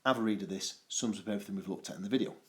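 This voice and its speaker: Male teacher, lower pitch, adenoidal and playful, explains a poem to students. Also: racing. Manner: lively and playful, with jokey asides. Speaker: English teacher. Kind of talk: poetry analysis lesson.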